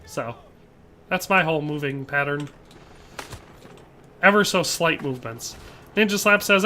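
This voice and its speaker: A game streamer talks with his viewers in a relaxed, rambling way and answers their chat messages as he plays. His voice sits a little high for a man and has a bright, forceful edge. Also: moderate pace, long pauses, a little hiss or hum. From Wisconsin, USA. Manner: chatty, reads viewer chat aloud and answers it. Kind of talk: casual live-stream chat while gaming.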